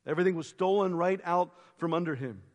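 A man preaching a sermon as pastor, retelling a story with expressive quoted voices and quiet reflective turns. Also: high-pitched, quick pace, in a large hall. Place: church sanctuary.

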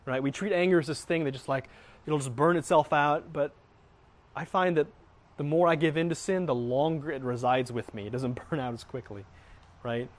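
A man's voice: a little high, moderate pace. A middle-aged man teaching earnestly on faith, often repeating words as he speaks. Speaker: Christian teacher.

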